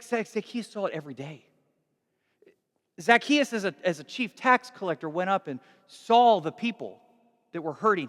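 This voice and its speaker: A man preaching a sermon, animated and acting out dialogue, moving from hushed lines to shouts. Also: high-pitched, in a large hall. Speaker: pastor.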